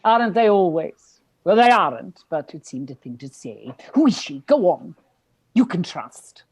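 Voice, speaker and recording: A woman's voice: on the low side, big pitch swings, measured pace, husky, dry recording, full character voice. Woman reading a teasing British poet man. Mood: coaxing. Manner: teasing, wordplay, grand flourishes. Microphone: video call.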